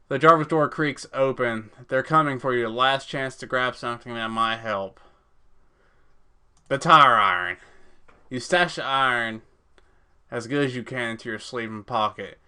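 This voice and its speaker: Brief: male let's-play gamer, clear and bright, casual swearing while reading. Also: mid-range voice. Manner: casual, swears, stumbles over words. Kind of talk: reading a text game aloud with reactions.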